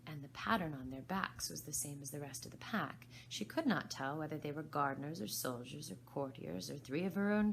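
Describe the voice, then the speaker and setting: Deep gravelly lady reading a storybook, calm and slow, faint hiss in the background. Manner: gentle, unhurried, drops to soft whispers. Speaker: volunteer reader. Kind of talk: storybook narration.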